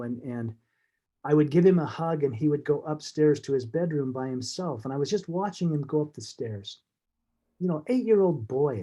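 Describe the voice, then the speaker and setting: Male guest, warm mellow tone, a bit high, halting heartfelt storytelling. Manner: halting and heartfelt, with fillers and restarts. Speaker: interview guest. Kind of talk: emotional personal storytelling.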